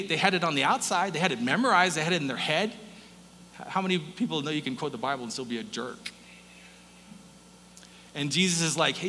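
A man preaching a sermon as pastor, animated, dropping to a hush and rising loud, acting out quoted lines. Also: fairly high pitch. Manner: animated, swings from hushed to loud, acts out quotes. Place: church sanctuary. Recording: long reverb, faint hum.

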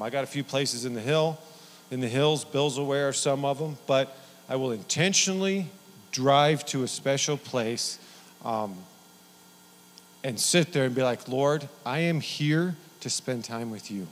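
Folksy man preaching in a reverberant hall. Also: medium pitch. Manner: rambling, folksy, full of restarts. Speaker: pastor. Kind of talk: sermon.

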